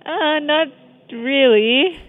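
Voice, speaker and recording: A woman's voice: high voice, very slow, no echo. A woman working a hotel front desk, answering a phone call with hesitant, polite replies. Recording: tinny phone line.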